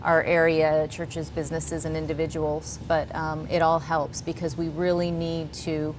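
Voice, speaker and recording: A woman guest on a cooking show talks in an earnest, chatty way that wanders a little. Her voice sits on the lower side. A faint hum of the room sits behind her. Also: level tone, normal speed. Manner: earnest, chatty, slightly rambling. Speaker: guest from a youth charity. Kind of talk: TV talk-show interview.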